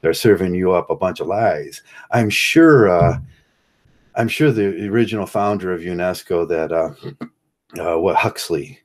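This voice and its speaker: In a low-pitched voice and at a slightly slow pace, this man rants in a casual vlog monologue. He rambles sarcastically, keeps breaking into chuckles, and often starts his sentences over.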